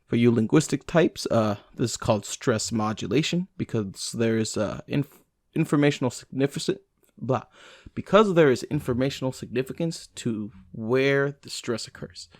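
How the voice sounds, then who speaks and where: A man reads language lesson notes aloud at a medium pitch, with uh's and small restarts, slowing over each example. The sound is close and dry. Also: a little mellow, no echo. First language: English. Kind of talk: reading study notes aloud.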